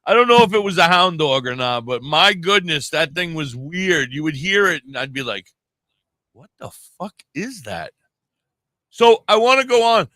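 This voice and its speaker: A man's voice: on the high side, animated, moderate pace, few pauses, sharp tone, no room sound. A man hosting a radio show, chatting casually and joking around with frequent swearing. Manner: laid-back, swearing, joking. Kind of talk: casual stoner chat. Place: radio studio.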